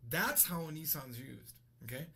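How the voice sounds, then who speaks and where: An American man in his thirties gives a casual, rambling video lesson as a language teacher, correcting himself as he goes. His voice sits on the high side with a breathy edge, and he speaks at a normal speed in a very animated, chatty way.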